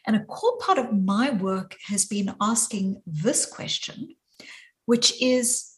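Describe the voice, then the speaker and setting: A woman psychologist speaking as a guest in a podcast interview, thoughtful and emphatic, slowing down on her key points. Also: medium pitch, rough recording.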